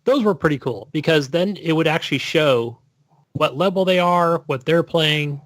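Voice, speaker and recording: A man's voice: fairly high pitch, moderate pace, no room sound. A man co-hosting a gaming podcast, explaining in a rambling, casual way. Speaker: podcast co-host.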